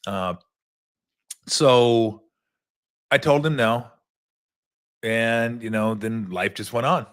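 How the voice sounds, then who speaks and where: Middle-aged male host, former player, casual and animated storyteller who stumbles over his words. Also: medium pitch, slow.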